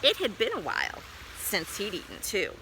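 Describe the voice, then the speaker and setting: A woman's voice: mid-range voice, huge pitch swings, normal speed, sharp tone, a little hiss or hum, low-quality recording. A woman reading a children's book aloud in first person, playful and full of exclamations. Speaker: storyteller.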